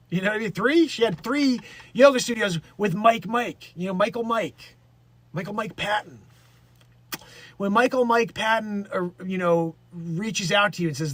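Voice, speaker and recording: A man hosts a daily livestream, reading the news aloud and riffing on it in a rambling, jokey way, swearing some and slipping into put-on voices. His voice sits high and is a bit bright, with no echo.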